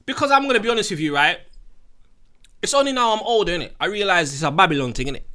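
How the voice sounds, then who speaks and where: A man's voice: high-pitched, lively intonation, fast talker, bright, forceful tone. A young man with a London accent, co-hosting a podcast with opinionated, joking chat full of slang. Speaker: podcast co-host. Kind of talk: casual banter.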